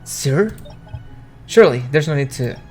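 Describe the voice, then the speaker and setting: A man's voice: a little high, lively intonation, measured pace, a little mellow, faint music behind. A man voicing a timid, dutiful male servant who gives meek, deferential replies while reading game dialogue aloud.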